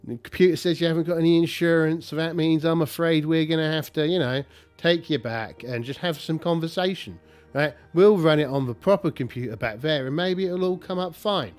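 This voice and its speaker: A man's voice: a little high, fairly quick, smooth, soft background music, pitched above the performer's own voice, lightly acted. A man voicing a falsely apologetic male police officer in a solo tabletop game, speaking in a breezy, fake-polite way. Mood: mock-apologetic.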